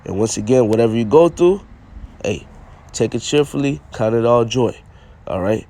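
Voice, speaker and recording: A man's voice: medium pitch, animated, moderate pace, mellow. A man giving an informal sermon, reading old-style scripture aloud and explaining it in plain speech, often checking in with "all right?". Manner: repetitive, punctuates with "all right?"; reads scripture in King James English, then explains plainly. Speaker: preacher.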